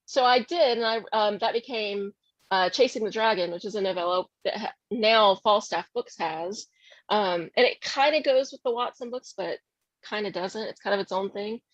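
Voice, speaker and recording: A woman's voice: mid-range voice, moderate pace, no echo. Rambling woman author, dry muffled sound. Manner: rambling, with many fillers and hedges. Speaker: author panelist. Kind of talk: casual panel talk. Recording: dry, slightly muffled audio.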